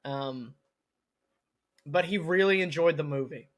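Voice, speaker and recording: Young man, podcast co-host, bright tense voice, casual rambling storytelling, lots of fillers. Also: fairly high pitch, a little slow. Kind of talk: casual comedic chat.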